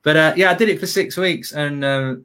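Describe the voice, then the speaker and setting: A man's voice: a little high, brisk, pushed and bright, smooth. A man, a football pundit, chatting casually with a rambling, self-mocking manner and lots of fillers. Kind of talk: casual storytelling chat.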